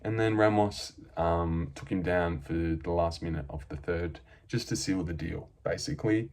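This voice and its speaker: A man's voice: low voice, moderate pace, few pauses, a little mellow. A young Australian man recapping fight results in a brash, sweary, self-mocking way, as the regular of his own show. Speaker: MMA prediction vlogger. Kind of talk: casual solo recap.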